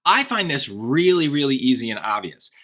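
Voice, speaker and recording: A man's voice: mid-range voice, big pitch swings, normal speed, bright, forceful tone. A man explaining a test question as a tutor, in a casual, conversational way, thinking aloud and often checking in with "right?". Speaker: SAT tutor.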